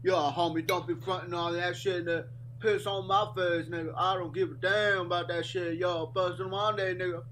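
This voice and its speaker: A man's voice: sits high, little pitch movement, moderate pace, slight background noise, voice pushed up. A man putting on a brash, swaggering rapper caricature. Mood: mocking. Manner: loud, exaggerated, taunting.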